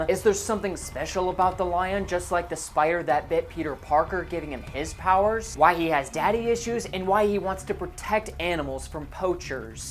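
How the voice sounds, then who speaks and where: A man narrating a movie review voice-over in a sarcastic, exasperated way. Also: fairly high pitch.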